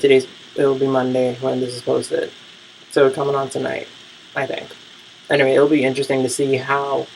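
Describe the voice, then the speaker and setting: Gravelly, blunt TV-recap vlogger. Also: mid-range voice, a bit bright, slight background noise, low-quality recording. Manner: blunt, profane and rambling, with frequent fillers. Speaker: vlogger reviewing TV shows. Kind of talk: casual TV recap rant.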